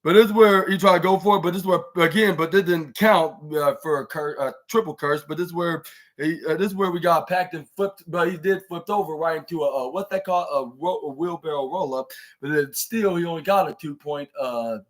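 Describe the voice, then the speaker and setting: A man's voice: a little high, fairly quick, a bit bright. A man hosting a podcast, giving a casual, rambling play-by-play recap with many restarts and fillers. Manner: acts out wrestlers' lines in raised voice. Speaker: podcast host reviewing wrestling.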